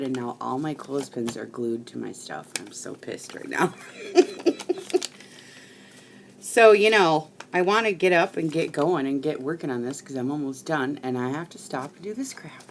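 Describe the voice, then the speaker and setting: A middle-aged woman rambling casually to live-stream viewers while she crafts at home, chatty and quick to swear. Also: low-pitched, slight background noise.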